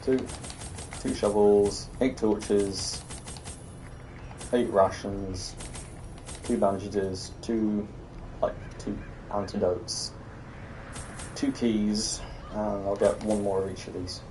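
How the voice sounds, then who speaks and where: A man's voice: lowish voice, steady tone, slow, pauses often, warm tone, far from the mic, slight background noise. A young British man giving casual, sardonic commentary while streaming a game, muttering to himself and breaking into exasperated rants.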